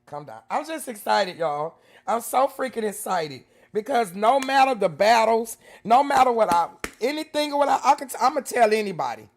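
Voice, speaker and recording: A woman from Houston with a Southern accent, hosting a livestream in excited casual chat, loud and full of laughter and slang. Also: a little high, normal speed, gravelly, hardly any pauses, a little hiss or hum. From Houston, Texas. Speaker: livestream host.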